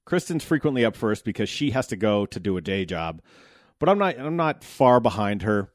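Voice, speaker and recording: A man's voice: fairly low pitch, very animated, normal speed, no echo. Wry, profane American man, dry sound. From United States. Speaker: podcast host. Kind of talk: casual monologue.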